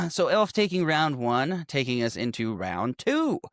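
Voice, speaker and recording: A man co-hosting a casual movie-review podcast, swearing freely, laughing often and trailing off quietly. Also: fairly high pitch, sing-song, measured pace, noisy background. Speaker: podcast co-host.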